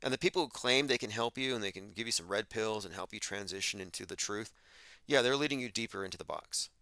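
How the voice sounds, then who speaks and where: A man's voice: on the low side, fast, sharp tone, no echo. A man hosting a livestream, delivering an emphatic, argumentative monologue and reading out chat comments. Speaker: podcast host.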